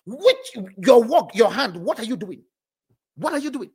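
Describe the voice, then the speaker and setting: A man preaching a sermon as pastor, animated and often breaking into laughter between phrases. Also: extremely high pitch, measured pace, husky. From moved to South Africa as an adult.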